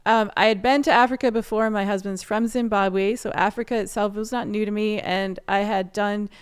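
Woman, 30s, interview guest; animated, chatty storyteller with a very clean, smooth voice. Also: mid-range voice, normal speed. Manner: chatty, animated, laughs often.

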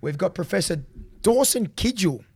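A man's voice: sits high, very animated, normal speed, a little mellow, breathy edge, no echo. An Australian man co-hosting a running podcast, chatting casually and teasing his co-host. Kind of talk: casual chat.

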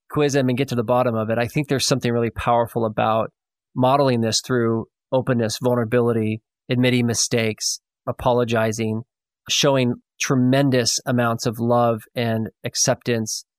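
A man's voice: medium pitch, steady tone, a little fast, smooth, no echo. Friendly male host, reflective and affirming, dry sound. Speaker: podcast host. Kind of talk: casual interview conversation.

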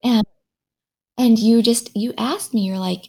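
A woman's voice: a little high, measured pace, slightly rough. A woman in her thirties, a pediatric radiologist, telling a story in casual conversation and acting out what people said. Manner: animated storyteller who acts out quoted dialogue.

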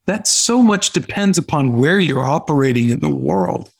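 A man hosting a podcast, asking his guest measured, earnest questions. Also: on the high side, lively intonation, vocal fry, breathy edge. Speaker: podcast host. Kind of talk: interview questions.

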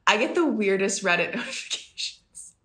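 A woman coach talks straight to her listeners in a bright, clear voice. She is chatty and emphatic and laughs often as she talks. Her pitch sits in the middle range for a woman. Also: expressive, normal speed. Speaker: business coach. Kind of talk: casual podcast talk. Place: home in the country.

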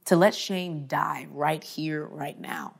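A woman's voice: low voice, slow, vocal fry, slightly rough. Emphatic woman giving a faith talk. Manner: emphatic and conversational, frequent "like" and "okay?". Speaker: conference speaker. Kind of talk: motivational faith talk to an audience.

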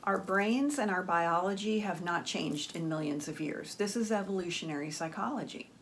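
A woman's voice: fairly low pitch, normal speed, a little hiss or hum. A woman hosting a relationship advice channel, talking emphatically to viewers and checking in with "okay?". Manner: emphatic, frequent "okay?" check-ins, acts out quoted dialogue. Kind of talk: direct-to-camera advice talk.

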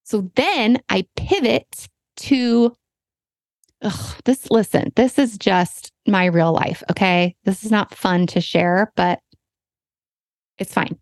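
Middle-aged woman, podcast host, candid and self-deprecating storyteller, mid-pitched voice, dry close-miked sound. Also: measured pace, no room sound. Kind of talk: personal storytelling monologue.

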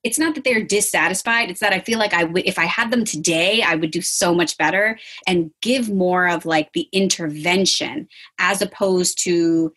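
A woman dietitian talking casually as an interview guest, animated and acting out what her clients say. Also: lowish voice, normal speed. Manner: animated, acts out quotes of clients.

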